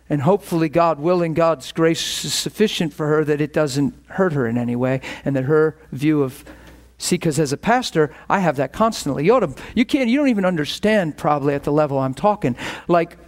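Male pastor, high-pitched, passionate sermon delivery, storytelling style.

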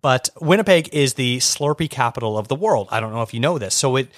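Canadian man, podcast co-host, mid-pitched, chatty, dry close recording. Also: a little fast, dry recording. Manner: animated, stumbles and restarts, laughs often. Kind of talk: casual movie review chat.

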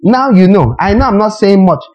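Animated high-voiced preacher. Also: male voice, moderate pace, lo-fi sound. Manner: animated, emphatic, full of rhetorical questions. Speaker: pastor. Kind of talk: sermon.

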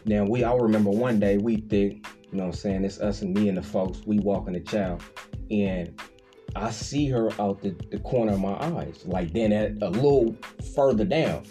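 A man, casually telling a story on a podcast. His voice is warm and mellow, and he keeps slipping into high, playful impressions of other people. Faint music plays underneath. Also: moderate pace. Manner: animated storyteller, acts out quoted voices with big pitch jumps, laughs often, slangy.

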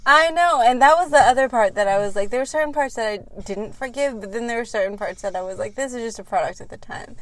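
High-pitched woman, blunt, cussing, casual book talk. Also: a bit bright. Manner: blunt, swears, quick asides.

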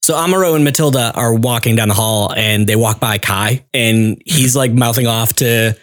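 A man's voice: medium pitch, moderate pace, dry recording, clean studio sound. A man co-hosting a casual recap podcast, swearing freely and acting out quotes in silly voices. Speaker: podcast co-host.

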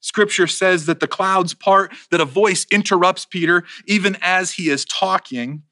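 A man's voice: sits high, measured pace, pushed and bright, no room sound, clean studio sound. A man preaching a sermon in a conversational way, checking in with his listeners as he retells stories.

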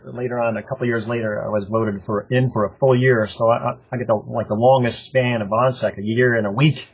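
A man's voice: mid-range voice, fairly even intonation, brisk, lo-fi sound, a little hiss or hum. An older man telling rambling, profane stories from his club days in a casual interview, laughing often. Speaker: interview guest, longtime running club member. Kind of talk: casual anecdotal storytelling.

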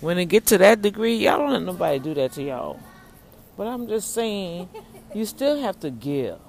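A woman talking straight to her viewers in a casual testimony vlog, lively and preachy, snacking as she speaks. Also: on the low side, normal speed, vocal fry. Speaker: vlogger.

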